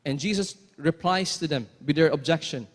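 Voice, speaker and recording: A man's voice: fairly high pitch, moderate pace. A man preaching a sermon, emphatic, repeating phrases and asking rhetorical questions. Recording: long hall reverb.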